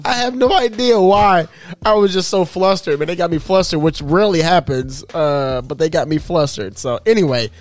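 A man's voice: fairly high pitch, moderate pace, no room sound. A man co-hosting a podcast, telling a story in casual chat and laughing often as he goes. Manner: animated storyteller, laughs often, stumbles and restarts. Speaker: podcast co-host.

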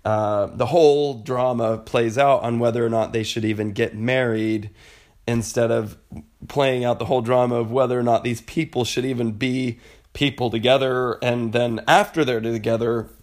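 Young guy ranting casually, animated, rambly, tons of "like", mid-pitch voice. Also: normal speed. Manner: animated, rambling, lots of fillers. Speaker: vlogger. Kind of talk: casual monologue.

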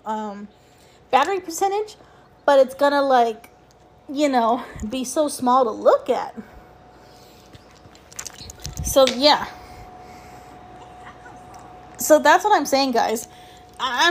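A high-voiced woman hosts her own solo podcast and chats casually about games. She rambles, swears freely and drops in exasperated asides. A faint hiss sits under the recording. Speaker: podcast host.

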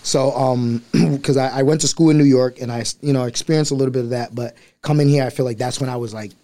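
A man in his thirties from Liberia with an American accent, telling stories as a guest in a casual, slangy, animated chat. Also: mid-range voice, fast. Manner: animated, slangy, mimics voices. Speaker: podcast guest.

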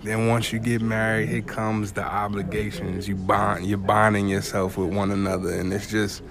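Blunt, relaxed lower-voiced man. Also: normal speed, a crowd in the background. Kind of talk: casual chat.

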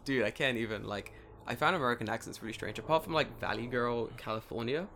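A young man in his late twenties trading stories on a casual podcast. His voice sits at an ordinary middle pitch and he tells things with lots of energy, swearing freely and breaking into laughter. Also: fast talker, a little hiss or hum. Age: 20s. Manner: animated, swearing, laughing storyteller. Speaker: podcast co-host. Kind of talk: casual chat.

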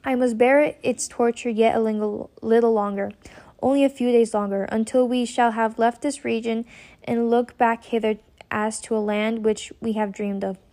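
A woman's voice: on the high side, fairly even intonation, normal speed, dark tone, natural voice. A woman reading the part of an anxious, troubled young mother in an old-fashioned storybook, with pleading, archaic speech. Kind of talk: audiobook character reading.

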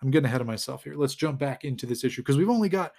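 A man's voice: medium pitch, animated, very fast, vocal fry, a little mellow. A man hosting a podcast, casually recapping a comic in a rambling way with lots of fillers and chuckles. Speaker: podcast host.

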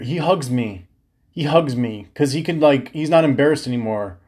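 Podcast host, male, 30s, mid-pitched, loose profane storyteller. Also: normal speed. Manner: profane, animated, slangy storytelling. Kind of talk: casual storytelling monologue.

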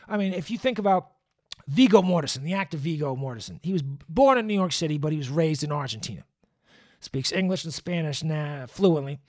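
Brief: male movie ranter, slightly high-pitched, scathing, swears a lot, loose drawl. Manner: profane, scathing, drawling with many fillers. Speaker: movie commentator. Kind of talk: casual rant.

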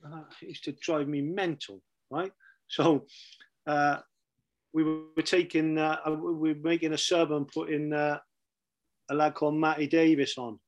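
A man's voice: on the high side, flat delivery, a little slow, dull audio. A middle-aged man, telling blunt football stories as a podcast guest and repeating his phrases. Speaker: guest, former football manager. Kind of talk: casual podcast chat, storytelling.

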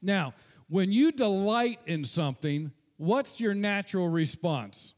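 Here a pastor with a high-sitting, darkish voice delivers an earnest sermon slowly and with plenty of animation. Speaking off the cuff, he drifts into casual asides and says words over again.

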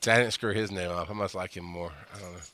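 A man's voice: low voice, steady tone, fast talker, pushed and bright. A man hosting a casual podcast, laughing often and poking fun at himself. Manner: laughs often, self-deprecating. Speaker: podcast host.

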